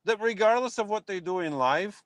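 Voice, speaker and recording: His voice sits high and moves at a moderate pace in a dry recording as he chats casually on a phone live stream. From a yard at dusk, the man reacts animatedly and talks back to viewers' comments.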